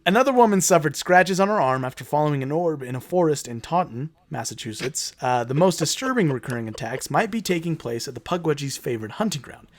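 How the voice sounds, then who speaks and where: A man's voice: on the high side, expressive, quick pace, hardly any pauses, no echo. A man co-hosting a casual, profane, jokey podcast, reading legends from his notes between banter. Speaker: podcast co-host.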